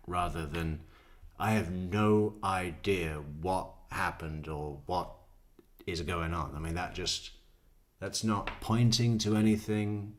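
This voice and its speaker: A man's voice: deep voice, takes it slowly, a little hiss or hum. A man giving sardonic true crime commentary, laughing often at what he plays. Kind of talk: casual commentary.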